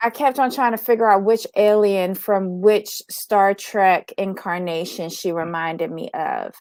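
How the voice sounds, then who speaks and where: A woman co-hosting a podcast, chatting casually about a reality show, frank and opinionated and quick to laugh. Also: medium pitch, steady tone, a little mellow, no room sound. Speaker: podcast co-host.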